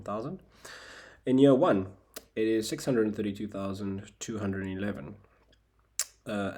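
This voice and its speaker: A man's voice: low voice, vocal fry, a little mellow. A young South African man with a South African accent, tutoring through a recorded screen lesson. He explains each step in turn and drops in wry asides.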